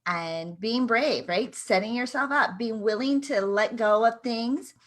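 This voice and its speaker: A woman's voice: fairly high pitch, a little slow. A woman co-hosting a morning talk show, speaking in an encouraging, reflective way. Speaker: co-host. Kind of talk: casual talk-show chat.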